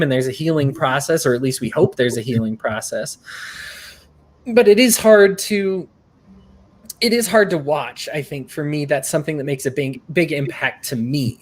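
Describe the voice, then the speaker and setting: A man hosting an interview, earnest and rambling, with frequent restarts. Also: fairly high pitch. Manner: earnest, rambling, often acts out quotes. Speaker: host.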